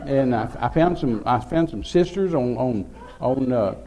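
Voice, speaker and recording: A man's voice: medium pitch, lively intonation, unhurried, warm tone. An older man, telling a rambling, folksy story as a preacher. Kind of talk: sermon storytelling.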